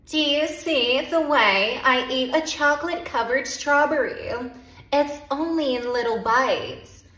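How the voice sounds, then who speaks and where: Slow, dainty woman in an echoey room. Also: high voice, fairly bright tone. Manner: dainty, self-satisfied. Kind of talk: comedic trend skit.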